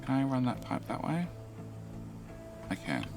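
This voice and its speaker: A man's voice: mid-range voice, huge pitch swings, unhurried, music in the background. A man with an Australian accent chatting casually on a game live stream, rambling, repeating himself and muttering to himself while he plays and answers chat.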